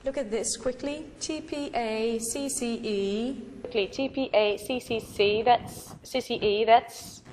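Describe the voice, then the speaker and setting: A fairly high-pitched woman teacher with an Arabic accent walks students through English vocabulary. She spells words letter by letter, repeats them slowly and praises warmly. A faint hiss sits under her voice. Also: low-quality recording. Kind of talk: recorded vocabulary lesson.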